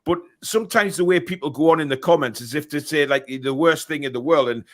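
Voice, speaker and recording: A man's voice: on the high side, quick pace, hardly any pauses. Chatty middle-aged man. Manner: rambling, chatty, many restarts. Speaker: podcast host. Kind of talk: casual chat reading viewer comments.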